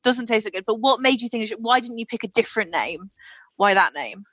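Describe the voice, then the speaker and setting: A woman's voice: on the high side, lively intonation, fairly quick, fairly bright tone, dry recording. A woman co-hosting a podcast, asking questions in a teasing, casual way. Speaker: podcast co-host. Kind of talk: casual chat.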